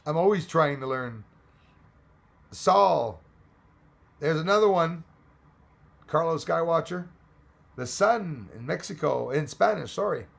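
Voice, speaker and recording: Host, male, hoarse and fading voice, rough gravelly grain, rambling casual chat. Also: fairly high pitch. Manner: rambling, mixes in French and Spanish greetings. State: losing his voice. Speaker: livestream host reading chat.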